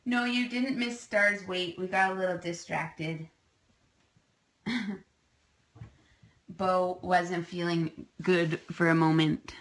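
A woman chatting casually on a home livestream while fostering kittens, cooing at them in soft baby talk. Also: lowish voice, fairly even intonation, takes it slowly, long pauses, poor audio.

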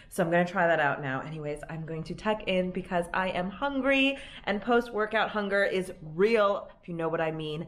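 A young woman vlogging at home, chatting to the camera in an upbeat, rambling way. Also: lowish voice. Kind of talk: casual vlog chat to camera. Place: at home in an apartment.

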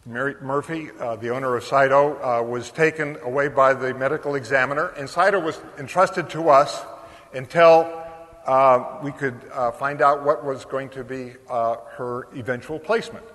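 An older man giving a keynote speech at a conference, telling a story in a lively way and often pausing on fillers. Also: mid-range voice. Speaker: keynote speaker. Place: large conference hall. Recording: long hall reverb.

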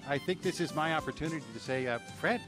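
A man's voice: on the high side, fast talker, music in the background. An older man hosting a radio interview in front of a live audience, asking questions with a dry, teasing wit. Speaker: guest host, radio interviewer. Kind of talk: conversational interview. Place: live event before an audience.

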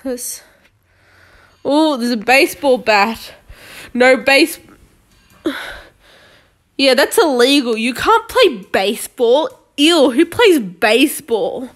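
Slow-talking young woman commenting on gameplay. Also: high-pitched, animated. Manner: chatty, jokey, talks to viewers as she plays. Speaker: gaming video creator.

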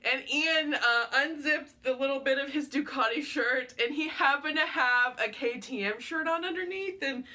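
A young woman vlogger telling a story in a casual, excitable, gushing way, with lots of fillers. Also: high-pitched, normal speed, few pauses.

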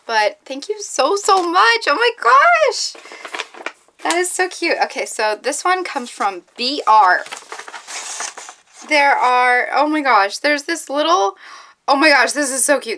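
Excitable high-voiced young woman vlogger. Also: slight background noise. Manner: excitable, gasping, squealing with delight. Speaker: vlogger opening fan mail. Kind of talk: casual unboxing chat.

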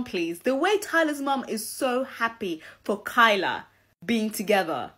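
A young woman with a fairly high voice chats through a reality TV episode. She gushes and addresses her viewers directly in a casual vlog style. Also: sing-song, unhurried, a bit bright, husky. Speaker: reality TV commentator. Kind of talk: casual reaction commentary.

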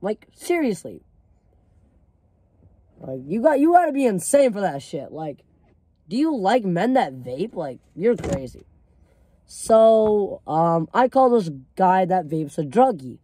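A man's voice: sits high, sing-song, measured pace, pauses often, dark tone, no room sound. A teenage boy telling a story in a casual vlog, rambling with lots of fillers and free swearing.

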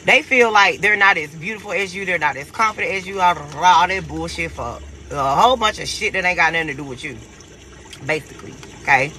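A man giving a casual, profane tarot reading to his viewers, animated and quick to laugh. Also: high voice, slight background noise, poor audio. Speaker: tarot reader.

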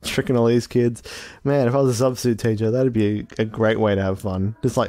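A man's voice: medium pitch, fairly even intonation, brisk, warm tone, faint music behind. A man with an Australian accent co-hosting a casual podcast chat, joking and laughing often. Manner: joking, laughs often, puts on silly slang. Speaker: podcast co-host.

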